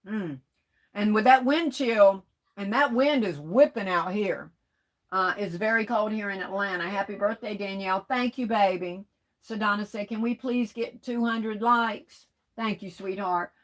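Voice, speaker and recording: A woman's voice: medium pitch, measured pace, poor audio. Chatty woman reading live comments. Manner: reads comments aloud and answers with pet names like baby and sweetheart; chatty, loose, folksy talk with fillers. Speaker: livestream host reading viewer comments. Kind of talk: casual live-stream chat.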